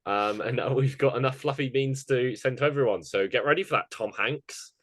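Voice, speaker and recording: A man's voice: mid-range voice, fairly bright tone, no room sound. A man co-hosting a casual podcast chat, rattling off a list of award picks. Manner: chatty, running through award picks in quick lists. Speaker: podcast co-host.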